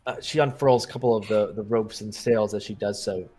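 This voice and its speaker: A man narrating as game master while losing his voice, relaxed, with many fillers. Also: on the low side, a little fast, soft background music.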